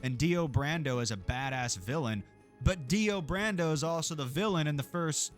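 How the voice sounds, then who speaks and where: A man's voice: fairly high pitch, animated, moderate pace, soft background music. A man streaming a game, chatting casually in a rambling, profane way and laughing often. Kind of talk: casual gameplay chat.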